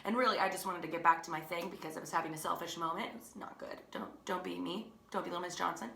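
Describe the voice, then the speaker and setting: A young woman teacher telling a family story in a chatty, animated, self-mocking way. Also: on the low side, fast, gravelly. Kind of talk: casual storytelling. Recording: echoey room.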